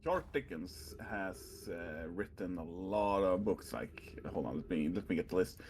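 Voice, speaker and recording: A man's voice: low-pitched, animated, a little slow, a little mellow, slight background noise. A man chatting casually, checking facts and reading off a list. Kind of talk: casual chat.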